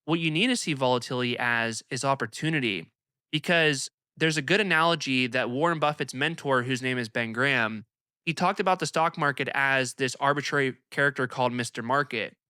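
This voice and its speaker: A young man hosts an investing channel and talks energetically and emphatically to camera. His voice is bright and crisp. It sounds close and dry. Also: medium pitch, a little fast, dry recording. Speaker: investing video host. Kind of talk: casual commentary to camera.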